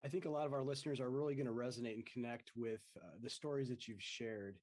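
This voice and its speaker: A man hosting an interview podcast, speaking at an ordinary pitch. He asks his questions hesitantly, pausing on fillers and letting phrases trail off softly. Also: fairly even intonation. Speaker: podcast host.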